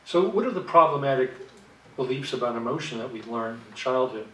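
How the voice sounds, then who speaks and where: A man's voice: mid-range voice, expressive, sharp tone, a little hiss or hum. Man lecturing in an echoey room. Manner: measured, reflective, with fillers and restarts. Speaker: workshop presenter, therapist. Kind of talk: lecture to clinicians. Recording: echoey room, distant mic.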